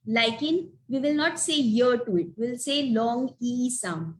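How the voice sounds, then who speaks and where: A woman teaching spelling rules in an online webinar, slowly sounding out letters and example words. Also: a little high, rough recording. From India. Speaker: phonics teacher. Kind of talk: webinar lesson.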